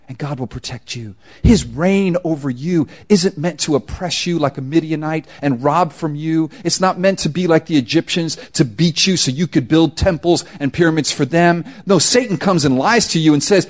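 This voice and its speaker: Animated male preacher with a lively pitch. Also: a little fast, few pauses. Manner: animated, swings from hushed to loud emphasis; conversational, uses casual slang. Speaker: pastor. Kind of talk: sermon.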